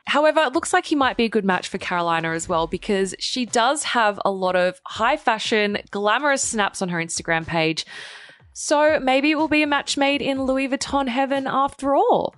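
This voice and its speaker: A woman's voice: fairly high pitch, expressive, moderate pace, a bit bright, no room sound. Woman, young adult, sarcastic gossip host, chatty, dry recording. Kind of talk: scripted gossip commentary with asides.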